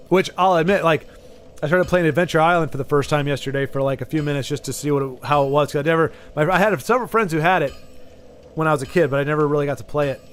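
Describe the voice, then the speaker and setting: A man's voice: on the high side, a little hiss or hum. A man streaming a game, chatting casually with his viewers and often stammering and restarting his sentences. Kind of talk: casual live-stream chat while gaming.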